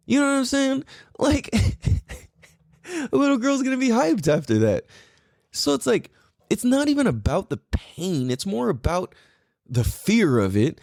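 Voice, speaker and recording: Lively, swearing male podcast host. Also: very high-pitched, a little slow, vocal fry, pauses often, no room sound, clean studio sound. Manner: animated, profane, rambling. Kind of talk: casual podcast monologue.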